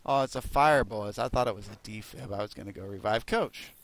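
A young man giving profane, excitable gameplay commentary, cursing at his teammates with loud outbursts. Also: on the low side, fairly quick. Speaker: gaming video creator.

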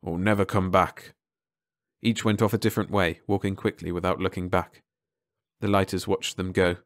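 A man narrating an audiobook in calm, measured scripted narration. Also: sits low, no echo, studio quality.

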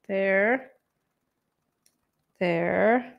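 A young adult woman chatting on a live stream from a room at home, excitable and chatty, thanking viewers by name and bursting into squeals. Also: mid-range voice, extremely slow, creaky, dull audio. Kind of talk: casual live-stream chat.

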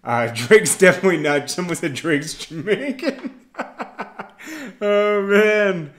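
A man's voice: sits high, animated, takes it slowly, fairly bright tone. A man hosting a hip-hop news channel, talking loosely with frequent "uh"s and chuckles. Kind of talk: casual reaction commentary.

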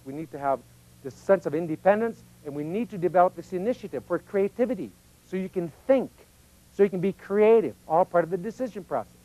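A man's voice: fairly high pitch, a little mellow, dry recording, highs cut off. A man giving an informal, folksy teaching talk, often acting out little voices of children and parents. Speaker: speaker on personal growth.

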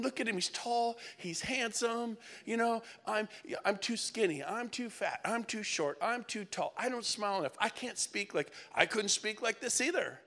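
A middle-aged man giving an energetic motivational speech to a live audience at an event, firing questions at the crowd in short punchy bursts. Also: high-pitched. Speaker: motivational speaker. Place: event hall.

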